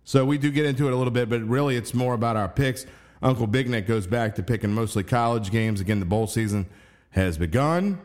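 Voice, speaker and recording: A man's voice: medium pitch, brisk, darkish tone. A man hosting a sports radio show, chatting casually and talking through his game picks. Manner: conversational, hedging, talks through game picks.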